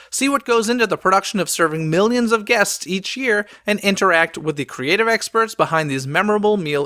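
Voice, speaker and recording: A man's voice: sits high, fairly bright tone, no echo, clean studio sound. A man hosting a podcast, reading a scripted news roundup in an upbeat way and dropping sarcastic quips.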